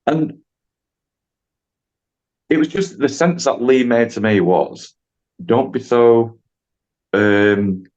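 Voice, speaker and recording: A man's voice: mid-range voice, slow, pauses often, a little mellow, highs cut off. A man, a driving instructor, telling a story in a chatty, rambling way on a podcast and acting out the dialogue.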